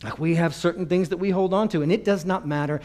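A man's voice: high-pitched, fast. A man preaching a story-driven sermon, acting out the voices of the people in his anecdotes. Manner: animated, acts out quoted voices.

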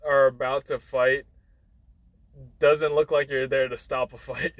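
A man's voice: medium pitch, little pitch movement, a little slow, no room sound, poor audio. Young man telling a rambling story. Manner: rambling, many fillers and restarts, acts out quotes. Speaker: guest storyteller. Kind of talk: casual anecdote telling.

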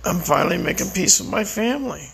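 Tired, gravelly-voiced man speaking reflectively. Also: sits high, animated, a bit bright, a little hiss or hum, low-quality recording. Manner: slow, reflective, prayerful. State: tired and weak. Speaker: vlogger. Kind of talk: personal monologue to camera.

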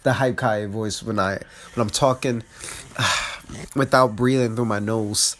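A comedian from New Jersey, congested and sick, hosting a casual solo podcast, swearing freely, mocking himself and laughing often. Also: male voice, mid-range voice, huge pitch swings, takes it slowly, long pauses, a bit bright. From New Jersey, USA.

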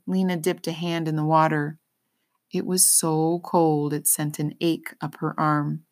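Woman narrator, lowish voice, kids' read-aloud with simple explanations. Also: level tone. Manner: pauses to explain words simply. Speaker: reader. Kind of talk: storybook read-aloud for children.

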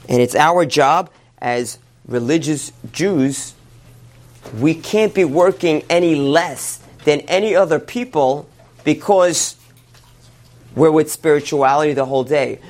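Animated storytelling male rabbi. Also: a little high. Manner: animated retelling, quick asides. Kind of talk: storytelling sermon.

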